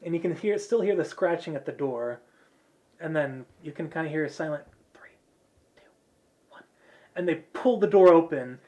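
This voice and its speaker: A man narrating as game master, in a relaxed, rambling way with many fillers. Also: on the high side, fairly quick.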